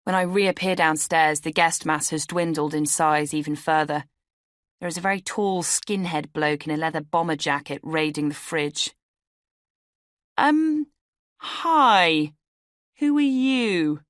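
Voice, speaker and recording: A woman's voice: low-pitched, steady tone, moderate pace, no room sound, clean studio sound. A woman reading her own memoir as an audiobook, telling it in a wry, conversational way. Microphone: studio microphone.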